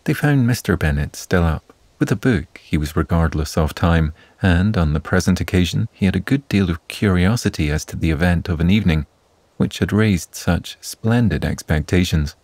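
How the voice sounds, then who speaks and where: A man narrating a classic novel as a soothing bedtime story, in a calm, measured reading. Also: sits low, dry recording.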